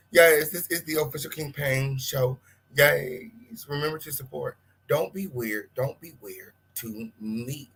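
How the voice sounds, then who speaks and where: A man hosting a live-stream gossip show, calling out viewers with sassy, flamboyant shout-outs and big swoops in pitch. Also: husky. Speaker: livestream host.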